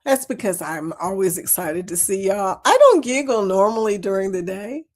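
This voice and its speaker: Reading comments during a relaxed live chat, this livestream host speaks with a mid-range voice at a moderate pace, her intonation lively. She giggles and chats freely, addressing her audience as y'all.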